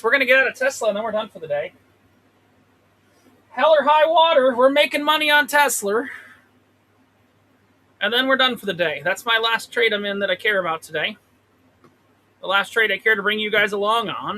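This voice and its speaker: A man's voice: high voice, fast, bright, forceful tone, rough recording. A man hosting a casual live trading stream from a trailer, rambling and swearing as he talks to the chart. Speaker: livestream host trading stocks. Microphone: desk mic with pop filter.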